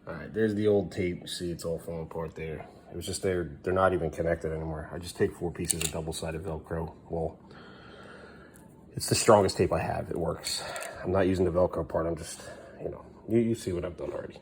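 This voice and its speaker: A man's voice: fairly even intonation, fairly quick, a little mellow, a little hiss or hum. A man, a father, talking through an evening at home with his kids in a casual vlog, recorded on a phone. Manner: mutters low asides, then raises voice sternly at kids. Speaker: father vlogging family life. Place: family home indoors. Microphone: handheld phone.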